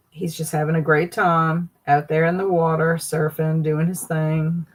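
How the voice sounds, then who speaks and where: A woman's voice: low voice, poor audio. A woman hosting a casual livestream, reacting with amused, laughing commentary. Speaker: livestream host.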